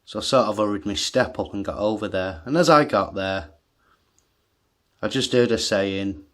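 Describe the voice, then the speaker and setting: A man's voice: lowish voice, moderate pace. A man telling an angry story on his own channel. He swears heavily, gets agitated, and laughs at himself between rants. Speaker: vlogger. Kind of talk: ranting monologue story.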